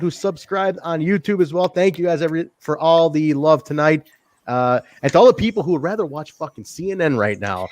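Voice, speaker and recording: A man's voice: fairly high pitch, a little mellow, dry recording. Casual male podcast host, dry sound. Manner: loose, profane, laughing sign-off banter. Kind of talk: casual chat.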